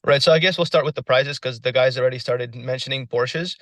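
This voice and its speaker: Fast-talking man on a phone. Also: medium pitch, a bit bright, no room sound. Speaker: presenter on a call. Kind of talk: casual presentation.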